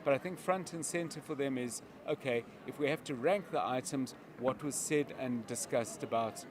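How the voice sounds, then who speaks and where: A man giving live news commentary as a media analyst, explaining in a measured way with examples. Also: medium pitch, background noise.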